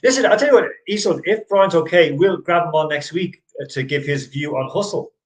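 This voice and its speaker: This middle-aged sports chat host talks fairly quickly in a voice that sits on the high side. His casual show is full of rambling, frequent restarts and easy laughter, captured on poor audio.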